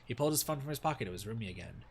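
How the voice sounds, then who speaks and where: A man's voice: mid-range voice, very fast, vocal fry, husky. Playful man narrating a game. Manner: playful, animated. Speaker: streamer. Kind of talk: narrating and reacting to a visual novel.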